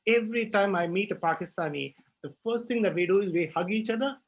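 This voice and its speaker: A man's voice: high voice, fast talker, dull audio. A young man speaking on a panel, passionate and emphatic, with many fillers and restarts. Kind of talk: panel discussion.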